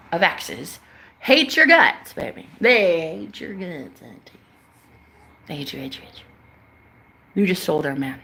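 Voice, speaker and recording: Her voice is medium in pitch, creaky and a bit bright. A young woman vlogging as a psychic, she speaks casually to followers about spiritual matters, preaching emphatically with slang and plenty of swearing.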